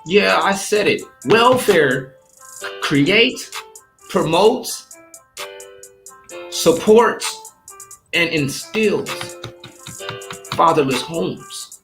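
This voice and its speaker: A man's voice: fairly high pitch, big pitch swings, very slow, pauses often, a bit bright. A man delivering a heated religious rant, profane and combative, mocking the people he argues against. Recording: echoey room with faint music.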